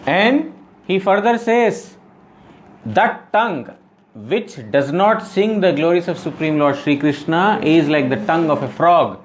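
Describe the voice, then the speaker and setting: A man's voice: fairly high pitch, lively intonation, unhurried, a little hiss or hum, low-quality recording. Man explaining scripture, quizzing listeners. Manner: repeats and rephrases for emphasis. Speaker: spiritual teacher. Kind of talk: scripture class.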